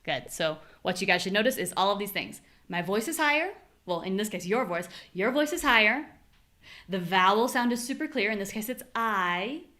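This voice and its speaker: An American woman teaching a live online pronunciation class, modeling words with clear, exaggerated stress. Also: mid-range voice, animated, moderate pace, sharp tone.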